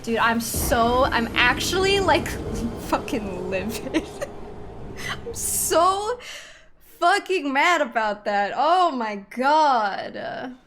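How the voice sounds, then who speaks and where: A woman's voice: high-pitched, sing-song, slow, noisy background. A young woman streaming a video game, swearing and venting her frustration in casual commentary. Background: clear game music.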